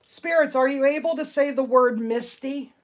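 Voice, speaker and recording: A woman hosting a live stream, talking out loud to spirits and greeting her viewers. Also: sits high, normal speed. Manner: excitable, talks out loud to spirits. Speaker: livestream ghost hunter.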